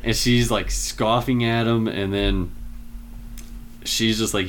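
A man with a fairly low voice talks through a movie's scenes in a relaxed, rambling way. He leans on fillers as he retells each moment. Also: measured pace, slight background noise. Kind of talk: casual film discussion.

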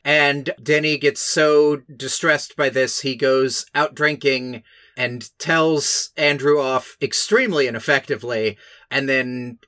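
A man's voice: medium pitch, slow pace, pushed and bright, no echo, clean studio sound. A man co-hosting a podcast, recapping a film in casual chat with sarcastic, mocking asides. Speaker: podcast co-host.

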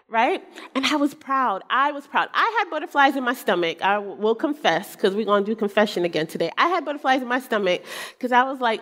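A woman's voice: fairly high pitch, lively intonation, fairly quick, a bit bright. A middle-aged woman giving a church talk, telling a personal story earnestly and acting out her son's words. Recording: long hall reverb.

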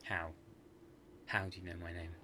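A man's voice: low-pitched, level tone, normal speed, pushed and bright, slight background noise. A man voicing a sly, mocking male demon who taunts a priest in a spoken horror story. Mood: defiant.

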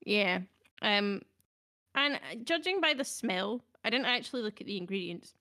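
A woman's voice: medium pitch, expressive, normal speed, bright, forceful tone. A young adult woman, hosting a podcast in a casual, hesitant, self-deprecating way, with many ums. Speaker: podcast host. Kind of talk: casual chat.

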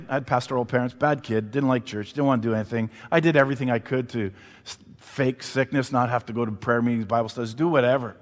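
A man preaching a sermon, an animated storyteller who asks the congregation questions. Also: medium pitch, fast talker, big-room sound. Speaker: pastor.

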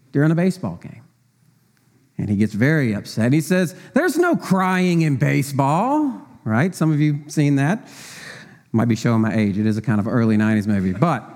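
Conversational deacon preaching a sermon. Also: male voice, fairly high pitch, a little mellow. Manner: conversational, rhetorical questions, frequent fillers. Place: church.

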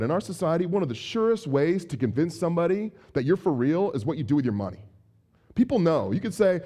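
A man preaching a conversational sermon, animated and acting out everyday examples. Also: on the high side. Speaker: pastor.

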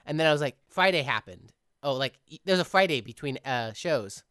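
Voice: medium pitch, animated, fairly quick, fairly bright tone, smooth, dry recording, studio quality. A podcast host who edits the show, chatting casually in long, reflective run-on thoughts. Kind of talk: casual chat.

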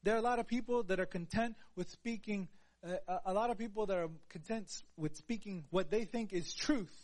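A man preaching a sermon in an earnest voice, dropping to a hush and then rising to louder, emphatic lines. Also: high-pitched, fairly quick. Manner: earnest, swings between soft hushed passages and louder emphatic ones.

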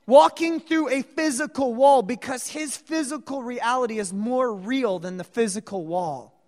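A woman preaching a sermon, telling the story dramatically and acting out the voices of the people in it. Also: a little high. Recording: long reverb of a large hall.

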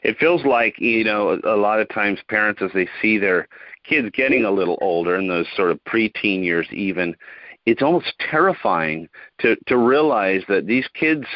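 Man, podcast host, low voice, thoughtful, halting, dull dry sound. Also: animated, no room sound. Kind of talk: podcast interview.

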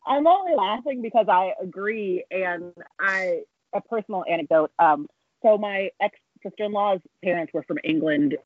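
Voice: medium pitch, no echo. A guest on a podcast shares a personal story with a self-deprecating tone. The voice sits mid-range. The recording is dry and muffled. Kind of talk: casual anecdote.

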